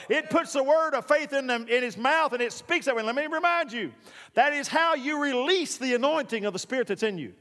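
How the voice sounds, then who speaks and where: A man's voice: very high voice, animated, fairly quick, fairly bright tone. A man preaching a sermon as pastor, emphatic and repeating his key lines, with folksy storytelling. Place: church. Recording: long reverb of a large hall.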